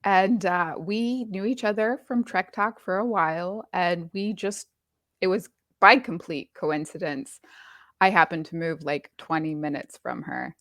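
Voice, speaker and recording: A woman co-hosting a podcast in casual, animated chat, emphatic and quick to laugh. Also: fairly low pitch, no room sound, clean studio sound. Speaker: podcast co-host.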